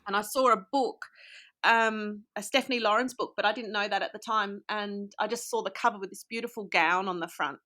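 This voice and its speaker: An Australian woman from Australia, a guest author, talking in a relaxed, rambling way with many fillers. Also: medium pitch, brisk. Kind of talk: casual interview chat.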